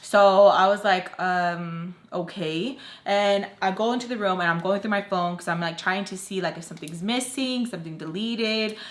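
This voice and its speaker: A woman's voice: mid-range voice, a little fast, hardly any pauses, echoey room. A young woman telling a storytime vlog in a casual rant, full of fillers and quoted back-and-forth. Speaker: vlogger.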